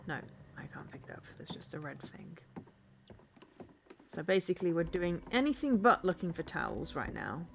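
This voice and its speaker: A woman's voice: on the low side, sing-song, normal speed, gravelly, a little hiss or hum. A woman streamer casually commenting on a game, thinking aloud and reading on-screen text.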